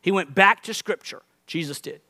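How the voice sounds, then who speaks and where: A man's voice: sits high, normal speed, bright, forceful tone, no echo, clean studio sound. A man preaching a sermon as pastor, earnest, restarting phrases often and building to emphatic peaks.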